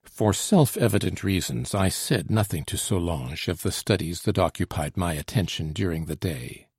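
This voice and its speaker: Brief: low, gravelly male audiobook reader, measured and earnest, dry close mic. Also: lively intonation, a little mellow, no echo. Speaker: audiobook narrator. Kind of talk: scripted narration.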